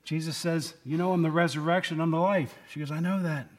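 Guy preaching to his church, pretty high voice, chatty, keeps asking the room questions. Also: steady tone, fairly quick. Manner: conversational, asks the congregation questions, acts out quotes. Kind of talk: casual sermon.

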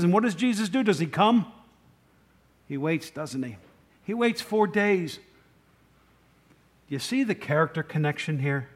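A man's voice: a little high, lively intonation, measured pace, pauses often. A middle-aged male pastor giving a conversational sermon with rambling asides, often asking the congregation questions.

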